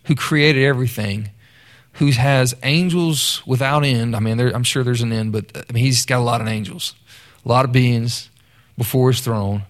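A man's voice: mid-range voice, normal speed. A man preaching a sermon in a conversational storytelling way. He often repeats words and calls out to the congregation.

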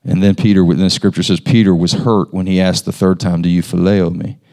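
A man's voice: low voice, fairly even intonation, brisk, darkish tone. A man preaching a sermon, talking conversationally and asking his listeners questions. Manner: conversational, asks the congregation questions.

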